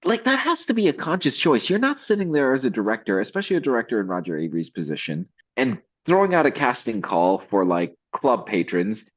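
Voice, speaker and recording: A man's voice: medium pitch, very animated, brisk, few pauses, highs cut off. A man co-hosting a casual movie review chat, talking emphatically with indignant rhetorical questions.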